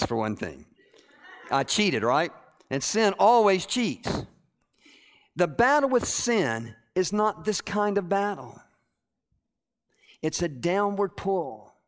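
Animated man preaching a sermon. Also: fairly high pitch. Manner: animated, acts out quoted voices, repeats words. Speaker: preacher at a school chapel. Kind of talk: sermon with demonstration and anecdotes.

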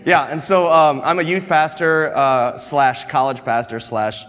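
A man's voice: fairly high pitch, fairly even intonation, measured pace, fairly bright tone, in a large hall. Easygoing man, youth pastor. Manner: easygoing, self-deprecating, laughs often. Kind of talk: casual panel chat.

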